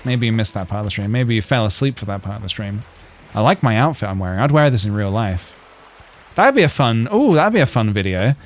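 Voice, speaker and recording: A man's voice: on the low side, very animated, a little fast. A man chatting casually on a game stream, rambling through jokes and reading chat messages aloud.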